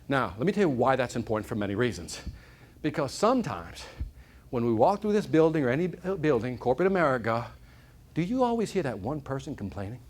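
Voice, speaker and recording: A man's voice: medium pitch, fast. A man giving a motivational keynote to a live audience, telling stories and often asking the room questions. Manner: animated storyteller, asks the audience questions. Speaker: motivational speaker. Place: corporate event hall.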